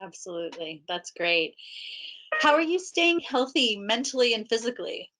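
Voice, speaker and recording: A woman moderating a panel over a video call, affirming answers and asking brisk questions. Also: a little high, big pitch swings, background noise. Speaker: webinar moderator.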